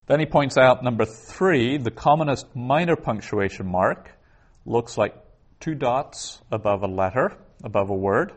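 A man teaching a class, explaining step by step in a patient way, with frequent pauses and restarts. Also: mid-range voice, lively intonation. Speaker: Hebrew teacher. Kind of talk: classroom lecture.

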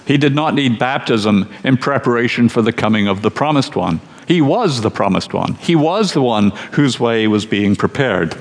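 A man preaching a sermon, teaching slowly and with emphasis in a measured delivery. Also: mid-range voice, long reverb tail.

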